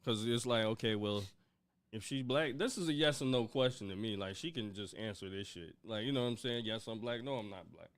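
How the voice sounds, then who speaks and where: A man's voice: medium pitch, a little fast, clear, resonant tone, dry recording. A man in a casual podcast discussion who talks bluntly and offhandedly, dropping in mock quotes.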